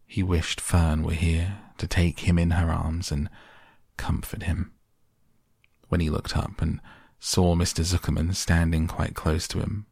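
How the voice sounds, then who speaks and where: Male sleep-audiobook reader: low, husky, unhurried. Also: no echo, studio quality. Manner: slow, soft and even. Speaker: podcast reader. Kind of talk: calm audiobook narration for sleep.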